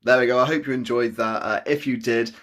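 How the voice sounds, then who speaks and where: A man's voice: mid-range voice, steady tone, fast, fairly bright tone. A man hosting an online interview, friendly and hesitant, with many fillers. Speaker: host.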